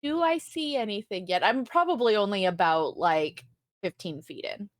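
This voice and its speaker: A woman's voice: mid-range voice, lively intonation, normal speed, no echo. A woman playing in a tabletop game, chatting playfully and laughing often. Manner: playful, giggly. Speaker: player.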